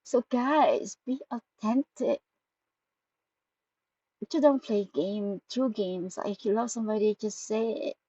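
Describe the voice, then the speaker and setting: A woman's voice: mid-range voice, slow pace, mellow, husky, no room sound. A woman speaks to her viewers in a heartfelt, emotional way, her grammar loose and non-native, her voice a little tearful at times. The recording is dry and close, with a slightly muffled, dull tone. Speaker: spiritual vlogger. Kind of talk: emotional direct-to-camera talk.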